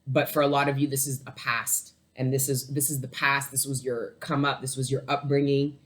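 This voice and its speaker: A woman's voice: rumbling low, flat delivery, moderate pace. Rambling, swearing woman tarot reader. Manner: rambling, profane and emotional, laughs often. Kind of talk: casual tarot reading to camera.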